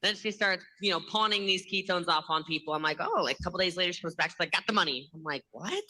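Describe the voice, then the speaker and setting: A woman giving a motivational sales training in a lively, laughing way, acting out other people's lines. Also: lowish voice, fast talker, low-quality recording.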